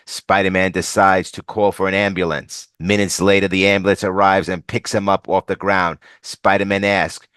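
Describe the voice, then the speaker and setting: A man narrating a comic book summary in a steady, scripted way. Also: low-pitched, moderate pace, hardly any pauses, clear, resonant tone, dry recording. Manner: steady plot recounting.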